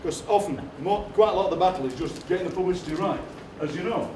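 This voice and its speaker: Man, comic storyteller on stage, high voice, roomy hall, heard from far off. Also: fast talker, noisy background. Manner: deadpan anecdotes, acting out other people's lines. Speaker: poet performing on stage. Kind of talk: comic storytelling to a live audience. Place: theatre stage. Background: audience laughter.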